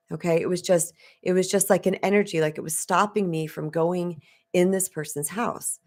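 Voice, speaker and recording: On a live stream, a woman from Arizona with a fairly low voice shares a personal story. A spiritual coach, she chats in a conversational way and addresses her viewers directly.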